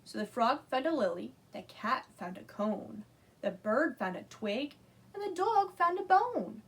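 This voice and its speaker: Librarian woman reading storytime aloud, slow and animated, slightly husky. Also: fairly high pitch. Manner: animated, asks children to join in. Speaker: children's librarian. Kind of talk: reading a picture book aloud.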